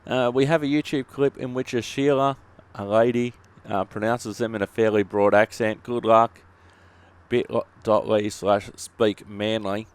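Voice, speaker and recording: A man's voice: fairly low pitch, fairly even intonation, unhurried, smooth. An Australian man hosting bus simulator gameplay, answering viewer questions with dry, joking humour. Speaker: YouTube gaming host.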